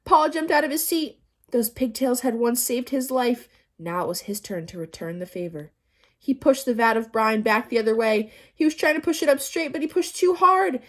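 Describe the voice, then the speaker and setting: A woman narrating a children's novel aloud in a lively storytelling manner. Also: on the high side. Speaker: audiobook narrator.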